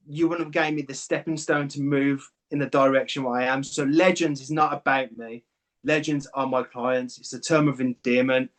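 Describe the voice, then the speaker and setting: A man, a clinic owner and guest, telling his story candidly and with feeling, swearing casually. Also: mid-range voice. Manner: emotional, swears casually, animated retelling.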